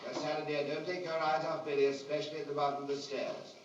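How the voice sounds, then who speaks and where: A man directing child actors on a film set, coaxing them gently and then urging them on with quick, insistent cues, recorded on an old archival soundtrack. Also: on the high side, little pitch movement. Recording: distant, dull, hissy archival recording.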